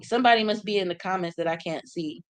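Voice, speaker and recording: A channel host reads live comments during a casual livestream chat, talking fast in a lowish voice with AAVE. She's blunt, brash, and cusses a lot, talking trash and firing back at commenters, and the sound is dry and close.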